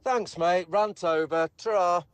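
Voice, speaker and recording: A man's voice: high-pitched, a little slow, clean tone, no room sound. A man sending an indignant, emphatic voice note to a radio show, ranting about his point.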